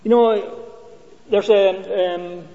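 A man's voice: high voice, fairly even intonation, very slow, mellow. A man preaching a sermon, telling stories and asking the congregation questions. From Scotland. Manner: storytelling, conversational with rhetorical questions. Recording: dull lo-fi sound with long reverb.

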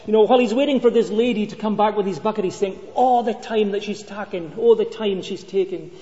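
Guy preaching, high mellow voice, long echo, kinda muffled lo-fi sound. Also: fast talker. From Scotland. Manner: storytelling, conversational with rhetorical questions. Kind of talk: sermon. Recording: dull lo-fi sound with long reverb.

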